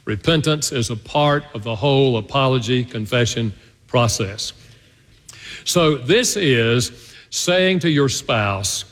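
Male pastor, sermon, animated and varied delivery, long hall reverb. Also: mid-range voice, a little slow. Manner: animated, swings between loud and hushed delivery. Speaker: preacher. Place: church sanctuary.

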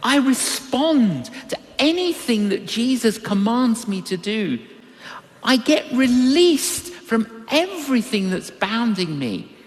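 In a very high voice and at an unhurried pace, an older man delivers a sermon built around a personal story, animatedly performing the quoted voices of its characters. A large hall's long reverb surrounds him.

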